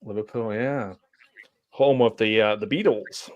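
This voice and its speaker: A man's voice: lowish voice, unhurried, crowd noise. A man hosting a casual live commentary, rambling and laughing often. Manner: giggly, rambling, frequent laughs. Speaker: host.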